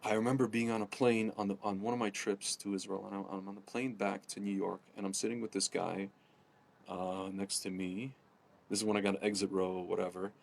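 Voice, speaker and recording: A man ranting casually to camera, rambling with many fillers and restarts, often addressing his audience as ladies and gentlemen. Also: fairly low pitch, flat delivery, fairly quick, gravelly, a little hiss or hum. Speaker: political commentator. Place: home in Jerusalem.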